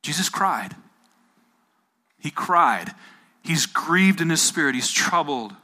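Bright-voiced preacher retelling a story. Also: male voice, fairly high pitch, sing-song, slow. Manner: storytelling, repeats phrases, asks the audience questions. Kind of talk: sermon retelling a Bible story. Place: room with a live audience.

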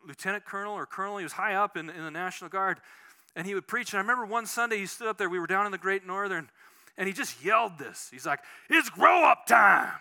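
A man preaching a conversational sermon as pastor, animated and telling personal stories, often restarting his sentences. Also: high-pitched.

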